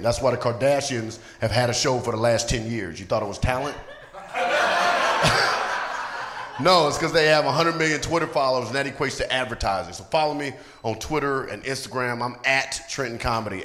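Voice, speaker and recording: A man's voice: mid-range voice, fairly bright tone. A male stand-up comedian closing his set, upbeat and direct, talking to the crowd on a handheld mic in a comedy club. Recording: echoey live club with crowd noise. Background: audience laughter and cheers.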